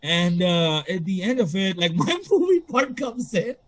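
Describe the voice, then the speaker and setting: A young man from the Toronto area casually telling a story on a podcast, swearing, laughing, and jumping into high voices at the punchlines. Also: sing-song, measured pace. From Canada, Toronto area.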